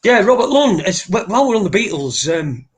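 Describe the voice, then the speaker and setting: A man's voice: high-pitched, sing-song, brisk. Sweary rambling man. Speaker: podcast co-host. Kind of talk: casual chat.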